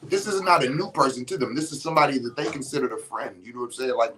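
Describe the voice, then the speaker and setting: Man, podcast host, casual monologue, blunt, cussing, emphatic, restarts mid-sentence, mid pitch. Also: quick pace, fairly bright tone, a little hiss or hum, low-quality recording.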